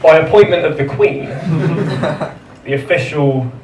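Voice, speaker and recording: A man doing a dry, deadpan stand-up set in a comedy club, pausing before each punchline. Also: fairly high pitch, a crowd in the background. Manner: dry, deadpan delivery with measured pauses. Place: comedy club stage with laughing audience. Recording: roomy live club sound from a distance, audience noise.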